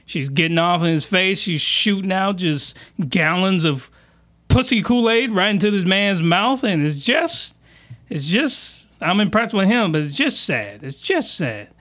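A man's voice: high voice, very animated, measured pace, sharp tone. A man hosting a crude comedic reaction commentary, talking in rowdy, slangy, exaggerated outbursts. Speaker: commentary host.

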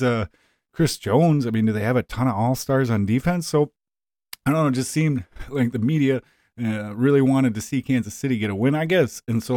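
A man's voice: mid-range voice, darkish tone, dry recording, studio quality. A man hosting a podcast, rambling and exasperated as he rants in a casual monologue, with plenty of fillers. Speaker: podcast host.

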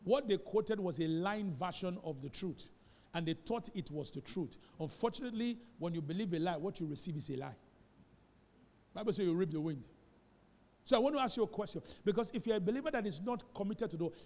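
A man's voice: high voice, a little mellow. A man preaching a sermon, emphatic and calling on the congregation to repeat after him. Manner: emphatic, calls for congregation responses. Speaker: pastor. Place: church hall. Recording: reverberant church hall.

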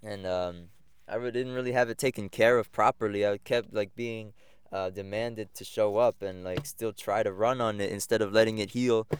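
A man's voice: fairly low pitch, steady tone, moderate pace, slight background noise. A young man hosting a podcast, telling rambling, reflective stories from his own life in casual talk. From United States. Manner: rambling and reflective, many fillers and restarts. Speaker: podcast host. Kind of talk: casual personal storytelling.

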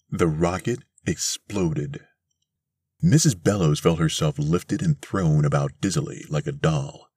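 A man hosting a podcast, reading a short story aloud in a measured, deliberate way from a mobile studio. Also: very deep voice, darkish tone, no room sound. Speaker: podcast host and reader. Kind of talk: scripted narration of a short story. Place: mobile studio in a converted school bus.

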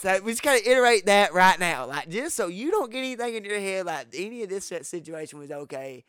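Animated man, bright tense voice. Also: high-pitched, fast, few pauses, clear, resonant tone, dry recording, studio quality. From Texas. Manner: animated, profane, acts out quoted lines with sudden loud jumps. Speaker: podcast host. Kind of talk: casual storytelling.

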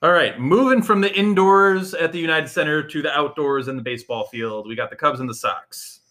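Podcast co-host, male, bright and crisp in tone, chatty and quick to laugh. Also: fairly high pitch. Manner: chatty, animated, laughs often. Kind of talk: casual sports chat.

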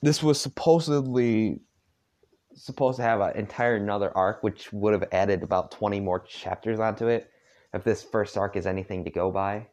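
A man's voice: lowish voice, normal speed, a little mellow. A man reading a fan story aloud in a casual, rambling way, stopping for asides. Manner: rambling, with many fillers. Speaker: fanfic reader.

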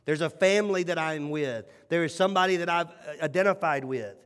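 A male pastor preaching a sermon with animated, emphatic storytelling and repeated phrases. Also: a little high, a little fast. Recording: long hall reverb.

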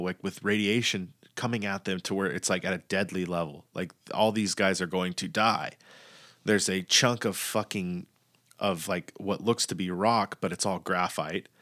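A man's voice: sits low, a bit bright. A man giving a loose, profane recap of a TV series, acting out the characters' lines as he goes. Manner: loose, profane storytelling with acted-out quotes.

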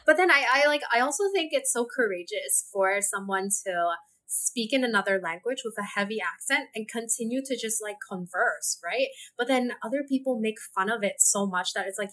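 A woman from Hong Kong, a podcast guest, telling animated personal stories and laughing often in a casual interview. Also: medium pitch.

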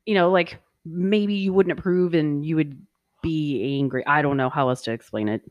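A man with a fairly high voice chimes into a casual chat with brief remarks and short questions. His sound is dry and a little dull, like a lo-fi recording with no room. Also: moderate pace, no room sound.

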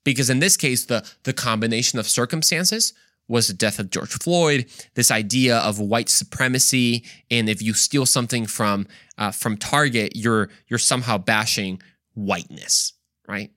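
In a clean, dry studio recording, a Christian podcast host speaks in a bright, forceful mid-range voice at a normal pace. His monologue is emphatic, packed with rhetorical questions, and he frequently repeats himself and starts over.

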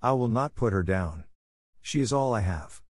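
A man voicing a grieving little girl who answers quietly and steadily. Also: lowish voice, expressive, moderate pace, no room sound, studio quality. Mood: cold.

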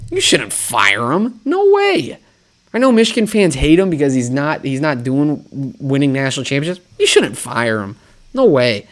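A man hosting a solo sports talk show, riffing and mocking himself with lots of rhetorical questions. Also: on the high side. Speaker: sports podcast host.

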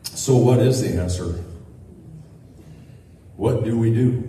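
A man's voice: fairly low pitch, takes it slowly, long pauses, mellow, slight background noise. A man delivering an earnest sermon to a church congregation, telling a story partway through. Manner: earnest preaching with a spoken anecdote. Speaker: guest preacher. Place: church sanctuary. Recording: echoey hall, miked from a distance.

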